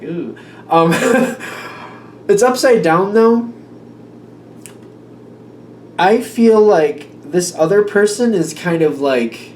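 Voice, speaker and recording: A man chats his way through a tarot reading, thinking out loud with plenty of fillers. His voice sits fairly high and swoops up and down. He sounds a little distant from the mic, in a room with noticeable echo. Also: a little hiss or hum. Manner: chatty, thinking aloud with many fillers. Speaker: tarot reader.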